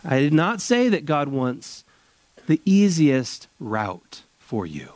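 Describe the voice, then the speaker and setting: A male pastor delivering a sermon in a high, very animated voice. He stretches important phrases out slowly for emphasis. The sound is close and dry, with no room echo. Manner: expressive preaching with slowed, emphatic phrases. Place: church service.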